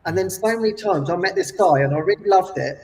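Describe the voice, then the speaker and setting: A man leading retreats, telling stories in an animated way, acting out the people he quotes and often tagging lines with "yeah?". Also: sits high, fast talker. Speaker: retreat leader and guest. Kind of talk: casual storytelling. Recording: voice distant from the mic.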